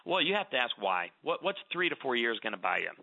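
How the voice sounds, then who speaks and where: A man's voice: mid-range voice, very animated, fast, vocal fry, no room sound. A middle-aged man speaking earnestly in a conversational interview, often repeating words as he starts a thought. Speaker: radio show guest speaker on marriage. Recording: dry, narrow phone-like sound.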